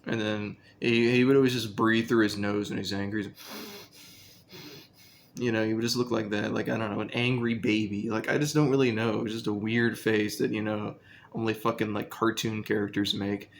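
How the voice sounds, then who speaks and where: A man's voice: on the low side, little pitch movement, fairly quick, a little hiss or hum. A young man casually telling a story about his school days, rambling and profane, with lots of fillers.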